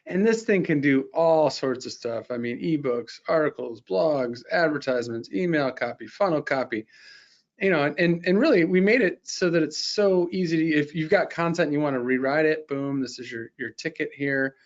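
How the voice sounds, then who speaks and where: A middle-aged man gives a lively sales pitch and walks through a software demo, his voice sitting fairly high for a man. He talks fast and conversationally, often restarting his sentences. The audio sounds dull and a bit lo-fi. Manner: energetic, conversational, full of quick restarts. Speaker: sales presenter.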